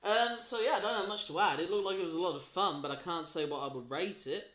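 Male co-host, bright voice, chatty and wry, echoey room. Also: high voice, fast talker. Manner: chatty, joking, self-deprecating. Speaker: podcast co-host. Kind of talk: casual chat.

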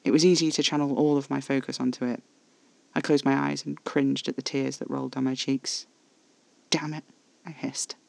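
A man's voice: medium pitch, level tone, a little fast, gravelly, a little mellow, dry recording. A man giving tense, intimate first-person narration of a horror audio drama.

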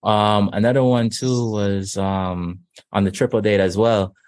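Low-voiced man telling a story casually. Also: unhurried. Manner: relaxed storytelling full of "like" and "um". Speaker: reality dating show cast member. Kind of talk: casual interview chat.

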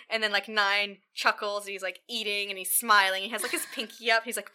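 Chatty woman with a bright, sharp voice. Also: medium pitch, fairly quick, hardly any pauses. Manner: rambling recap full of "like" fillers, acts out quotes. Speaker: podcast co-host recapping a TV series. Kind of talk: casual chat.

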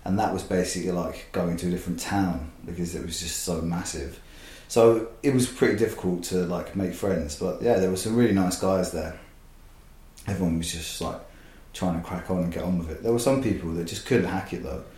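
A man's voice: low voice, brisk, dark tone, echoey room. A man casually telling stories as a podcast guest, rambling and swearing freely. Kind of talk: casual storytelling.

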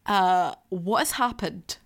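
Hosting her own podcast from her living room, a woman chats candidly, laughing and swearing freely, on a casual solo episode. Her voice is mid-range and slow, picked up by a laptop beside her.

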